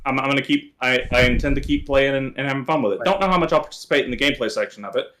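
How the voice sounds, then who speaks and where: A man co-hosting a casual video game podcast, talking in a relaxed, rambling way with many fillers. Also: mid-range voice, racing. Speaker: co-host. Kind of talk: casual gaming podcast chat.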